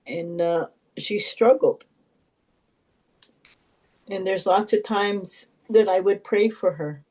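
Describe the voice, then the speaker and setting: An older woman, an Elder from Canada, sharing heartfelt stories and teachings in a gentle, reflective way with pauses and repetitions. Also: lowish voice, poor audio. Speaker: Elder and knowledge keeper.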